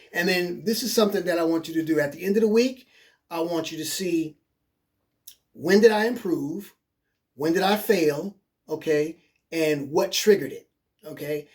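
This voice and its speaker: A man's voice: on the high side, moderate pace, darkish tone. A man giving a coaching webinar in a casual, encouraging way, who repeats points and keeps checking in with "okay?". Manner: casual, encouraging, plain-spoken. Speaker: life coach.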